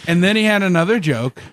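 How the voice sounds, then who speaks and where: A man co-hosting a comedy podcast, telling long deadpan stories full of restarts and filler. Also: sits high, no room sound, clean studio sound. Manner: rambling deadpan joke-telling with many restarts. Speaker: podcast co-host. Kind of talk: casual comedic banter.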